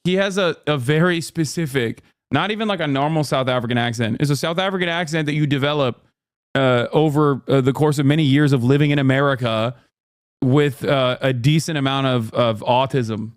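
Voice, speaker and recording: A man's voice: medium pitch, fairly quick, smooth, no echo, clean studio sound. A man streaming, reacting to clips in blunt casual chat with plenty of swearing.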